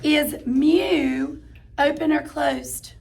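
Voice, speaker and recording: Slow, encouraging woman teacher, high voice. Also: gravelly, darkish tone. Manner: slow, encouraging, calls out steps to children. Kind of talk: classroom phonics lesson. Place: classroom.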